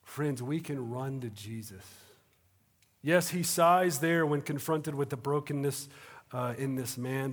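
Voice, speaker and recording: Man preaching in an echoey auditorium. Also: medium pitch. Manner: conversational preaching, swings between hushed and animated. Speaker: pastor. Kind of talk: sermon. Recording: reverberant auditorium.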